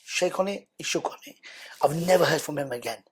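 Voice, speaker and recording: A man, a podcast guest, telling his story in a lively, conversational way and acting out the dialogue. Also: on the high side, a little fast, breathy edge. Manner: animated, acts out quoted dialogue.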